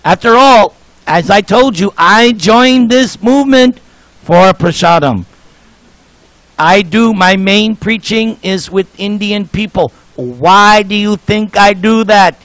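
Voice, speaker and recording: A man's voice: sits high, slow, a bit bright, no room sound, rough recording. A man in his sixties giving a sermon, joking and telling anecdotes to the congregation. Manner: jovial, joking storyteller. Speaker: speaker at a temple program.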